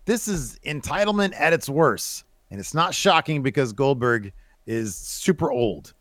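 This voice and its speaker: A man's voice: mid-range voice, expressive, measured pace, a bit bright, no echo. A young man co-hosting a podcast, talking animatedly, swearing and acting out other people's lines in a casual chat. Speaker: podcast co-host.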